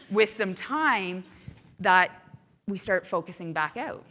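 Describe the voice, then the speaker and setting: A woman giving a motivational keynote talk to a live audience, animated and often asking the room rhetorical questions. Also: medium pitch, moderate pace, long reverb tail. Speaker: keynote speaker.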